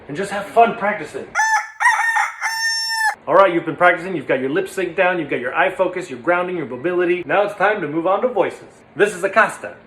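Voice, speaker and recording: A man's voice: high-pitched, fairly quick, fairly bright tone. A young man teaching puppetry in a casual, playful way, recorded in an echoey room. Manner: playful, demonstrative, slips into silly voices. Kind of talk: casual instructional talk. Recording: echoey room with faint noise.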